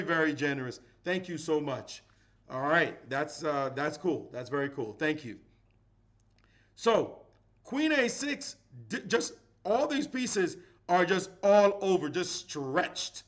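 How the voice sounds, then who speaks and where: A middle-aged man giving live chess commentary as a grandmaster, animated and playful, with dramatic exclamations. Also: on the high side, unhurried.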